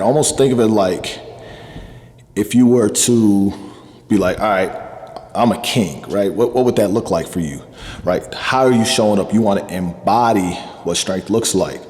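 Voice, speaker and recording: Earnest low-voiced male coach. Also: darkish tone, long reverb tail. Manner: earnest, repetitive, coaching tone with many fillers. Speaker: self-improvement coach. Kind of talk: motivational talk to camera.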